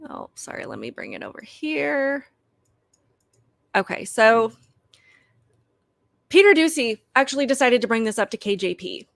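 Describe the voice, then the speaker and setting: A woman's voice: fairly high pitch, big pitch swings, normal speed, creaky, long pauses, fairly bright tone, dry recording, studio quality. A woman hosting a political commentary show, talking straight to viewers in an emphatic, critical way. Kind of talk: opinionated commentary to camera.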